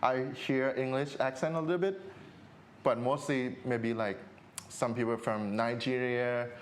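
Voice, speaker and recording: A man's voice: mid-range voice, unhurried, a little hiss or hum. Thai-accented man telling stories with laughs. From Thailand. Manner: animated storytelling with acted-out quotes and frequent laughs. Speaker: podcast guest. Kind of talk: casual interview chat.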